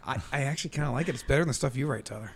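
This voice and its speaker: A man's voice: mid-range voice, rapid-fire. A man hosting a casual podcast chat, joking and laughing often. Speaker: podcast host.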